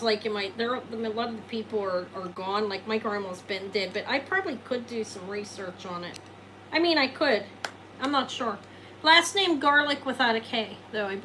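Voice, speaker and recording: Chatty bright-voiced woman host. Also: a little high, a little hiss or hum, rough recording. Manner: chatty and rambling, answers viewers' comments; self-deprecating, jokes and laughs. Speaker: host selling jewelry live. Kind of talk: casual live sales chat.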